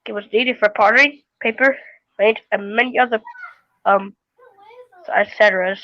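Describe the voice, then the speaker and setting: A woman's voice: mid-range voice, fairly even intonation, moderate pace, a bit bright, no room sound. A woman streaming while playing with toys, talking in a silly, sing-song way. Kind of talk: playful toy play with narration. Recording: dull lo-fi audio with faint noise.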